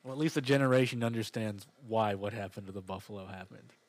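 A man co-hosting a casual podcast chat, speaking in a dry, measured, slightly skeptical way. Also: on the low side. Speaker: podcast co-host.

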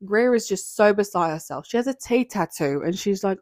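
A woman's voice: medium pitch, moderate pace, hardly any pauses, no room sound, clean studio sound. A woman co-hosting a podcast in casual chat, recapping a show in a gushing, gossipy way full of "like.". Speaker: podcast co-host.

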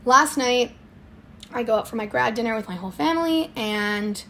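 A young woman, telling a lively story in a casual podcast chat. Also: fairly high pitch, slight background noise. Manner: animated storytelling, quick swings in loudness. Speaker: swim school owner, guest.

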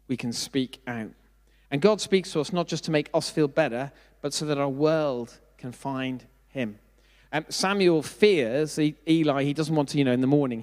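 A man's voice: on the high side, a little mellow. A middle-aged man preaching a sermon, speaking conversationally with self-deprecating asides and questions put to the congregation. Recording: long hall reverb.

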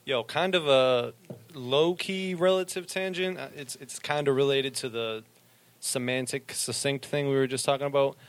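A man co-hosting a casual group chat, animated and swearing, with sudden loud bursts when he gets excited. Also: mid-range voice, moderate pace. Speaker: podcast co-host and rapper.

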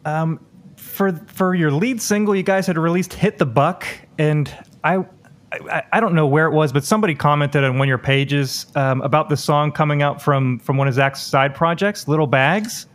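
Eager man interviewer, slightly high voice. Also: moderate pace. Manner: enthusiastic, many fillers like "like" and "um". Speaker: podcast interviewer. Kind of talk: casual interview chat.

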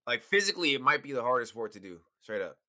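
Fast-talking young man, bright voice. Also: medium pitch. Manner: fast, animated, profane and emphatic. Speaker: podcast co-host. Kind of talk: casual chat.

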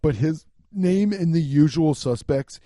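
A man's voice: a little high, measured pace, no echo, studio quality. A man hosting a podcast, riffing in a comedic rant, swearing often and laughing as he talks. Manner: profane, laughing, animated riffing. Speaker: podcast host.

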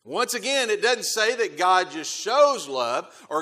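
A man preaching a sermon as pastor, emphatic, repeating key phrases and swelling loud on key words before dropping to quiet asides. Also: high-pitched, sing-song, measured pace, hardly any pauses. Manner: emphatic, repeats key phrases, quotes scripture in King James wording.

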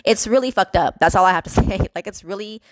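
A woman's voice: medium pitch, fast, no echo. Frustrated young woman venting. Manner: venting, frustrated, repetitive fillers and swearing. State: emotional, near tears. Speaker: podcast host. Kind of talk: emotional personal monologue.

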